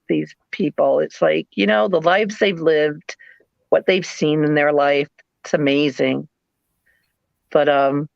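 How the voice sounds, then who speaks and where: A middle-aged woman with a New England accent, hosting a live sale and chatting in a rambling, animated way with playful put-on voices. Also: sits low, gravelly, dry recording, lo-fi sound. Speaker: live sale host, former nurse. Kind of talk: casual chat.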